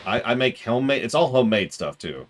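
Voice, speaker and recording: A man's voice: medium pitch, fast, slight background noise. A man streaming a game, chatting casually and joking with his viewers. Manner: chatty, jokey, animated.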